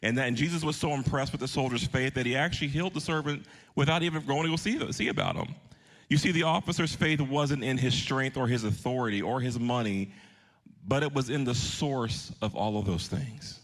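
A man's voice: medium pitch, a little fast. Man in his thirties, pastor, earnest storytelling sermon, questions to the congregation, mid-range voice. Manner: earnest, shifting pace for emphasis.

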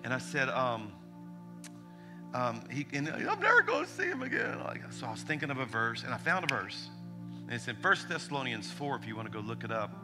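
A man's voice: mid-range voice, a little fast, over music. A man, preaching a sermon as a pastor, telling stories animatedly and acting out the voices in them. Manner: animated, acts out quotes, frequent restarts. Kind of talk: sermon storytelling.

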